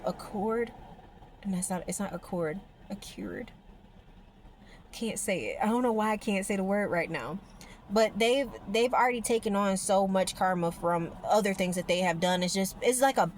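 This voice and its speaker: A woman's voice: mid-range voice, moderate pace, slight background noise. A woman vlogger talking casually to her viewers about spirituality, rambling and emphatic, with the odd swear word.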